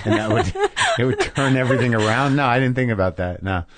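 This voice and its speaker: A man in his fifties hosting a podcast interview, talking in a rambling, self-deprecating way and breaking into quick impressions of people. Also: mid-range voice, a bit bright, dry recording. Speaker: podcast host. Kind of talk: casual interview chat.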